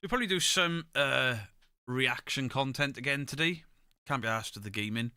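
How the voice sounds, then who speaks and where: A man's voice: medium pitch, moderate pace, sharp tone, clean tone, no room sound. A middle-aged man, chatting casually on a live stream, greeting viewers by name and swearing freely. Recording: close mic, dry room.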